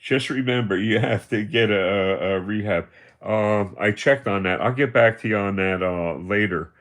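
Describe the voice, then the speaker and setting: Speaking at normal speed in a fairly low voice with a bit of brightness, the elderly livestream host, in his seventies, launches into a confrontational rant. He repeats himself while taunting and throwing out accusations.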